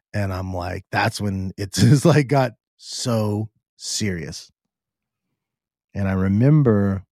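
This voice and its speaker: A middle-aged man hosting a podcast, telling a personal story in an earnest, halting way with frequent restarts. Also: lowish voice, a little mellow, dry recording, studio quality. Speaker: podcast host.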